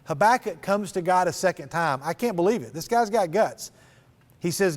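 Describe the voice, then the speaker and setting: High-voiced man preaching in a hall. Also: normal speed. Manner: animated, rising into dramatic scripture readings. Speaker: speaker at a student event. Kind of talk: sermon. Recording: long reverb of a large hall.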